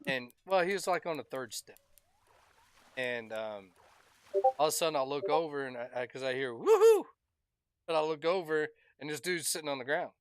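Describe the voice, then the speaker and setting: A man's voice: a little high, brisk, clear, resonant tone, dry recording. A man chatting casually while playing a fishing game, telling laid-back, rambling work stories and laughing often into a headset mic. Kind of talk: casual chat while gaming.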